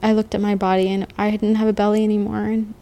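Halting, gravelly woman telling her story. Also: mid-range voice, flat delivery. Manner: quiet, halting, slow pauses. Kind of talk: personal testimony. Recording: faint music beneath.

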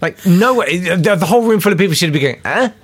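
A man's voice: sits high, lively intonation, fast, noisy background. A man hosting a podcast, chatting casually in a jokey, rambling way. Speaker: podcast host. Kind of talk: casual chat.

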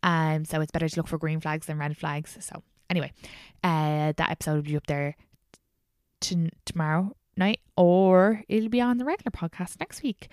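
A woman's voice: sits low, normal speed, smooth, dry recording, studio quality. A woman hosting a casual podcast chat, talking frankly and laughing often. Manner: frank, giggly, animated. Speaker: podcast host.

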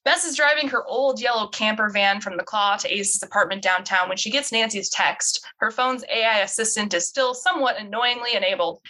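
Woman, writer, read-aloud narration, casual, self-amused, bright. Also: medium pitch, fairly quick, few pauses, poor audio. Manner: casual, laughs at herself. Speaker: writer reading her script.

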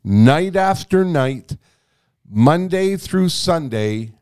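A man telling a long anecdote as a guest in a conversation, animated and freely swearing. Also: a little high, very slow, clean tone. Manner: animated, profane storytelling. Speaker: guest storyteller.

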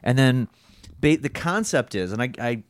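A man's voice: medium pitch, animated, moderate pace, no echo, clean studio sound. A young man co-hosting a casual podcast chat, rambling and swearing freely about old jobs. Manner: rambling, swears often, self-deprecating. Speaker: podcast co-host.

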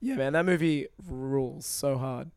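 A man co-hosting a podcast, chatting casually and excitedly, swearing and laughing. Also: mid-range voice, a little slow, vocal fry, crowd noise. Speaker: podcast co-host. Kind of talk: casual chat.

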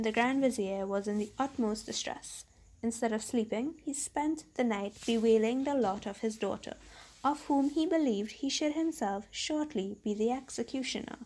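A woman reads a classic tale aloud at a steady, measured pace. Her voice is fairly high and clear. The delivery is calm and even, like a bedtime story. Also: low-quality recording. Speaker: story reader.

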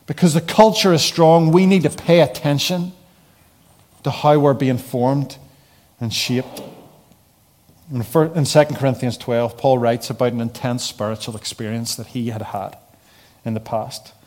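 A man preaching a keynote sermon, reading scripture slowly with soft falling phrase ends and building to emphatic repeated refrains. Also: medium pitch, steady tone.

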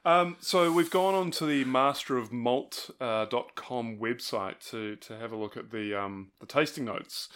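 A man's voice: medium pitch, a little slow, hardly any pauses, a bit bright, clean tone. A man co-hosting a podcast, talking in an easygoing, teasing way with lots of restarts. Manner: easygoing, ribbing, hesitant restarts. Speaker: podcast co-host. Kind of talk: casual chat.

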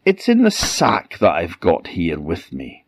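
A man's voice: low voice, huge pitch swings, measured pace, creaky, husky, no echo, exaggerated voice. A man voicing a cunning old female troll who coaxes in a sweet, wheedling way. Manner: wheedling, cackling. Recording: dull lo-fi dry recording.

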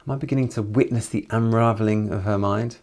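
A man with a slightly low voice talks through a novel's chapters. He moves between plain summary and thoughtful commentary, adding his own reactions along the way. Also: steady tone, quick pace, a little mellow. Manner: reflective, with personal asides. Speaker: literature commentator.

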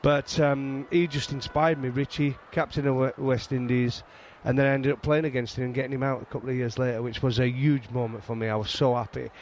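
A man's voice: medium pitch, brisk, hardly any pauses, slight background noise. Chatty Yorkshire man telling stories. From England. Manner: animated storytelling, frequent restarts. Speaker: guest, former fast bowler. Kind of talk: casual chat.

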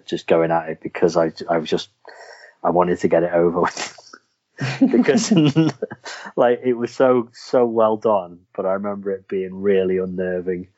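Deep-voiced man hosting a casual chat. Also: darkish tone. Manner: rambling, halting restarts, chatty. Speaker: podcast host. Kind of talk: casual chat about films and games. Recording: dull lo-fi recording.

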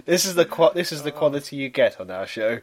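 Playful English man, lively voice. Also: a little high, fast. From England. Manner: playful, giggly banter. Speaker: podcast co-host. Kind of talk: casual chat.

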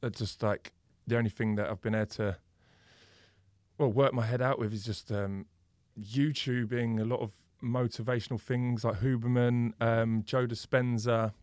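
A young man chats as a podcast guest. He swears freely and tells his stories with lively acted-out bits. His voice is recorded close and dry, with no room sound. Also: medium pitch, normal speed, dry recording. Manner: animated storyteller, swears freely, acts out the people in his stories. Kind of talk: casual podcast chat.

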